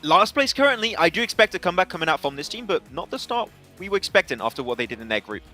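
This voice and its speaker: Fast-talking bright male esports analyst. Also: high-pitched, soft background music. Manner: rapid, excitable, restarts often. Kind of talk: esports desk chat.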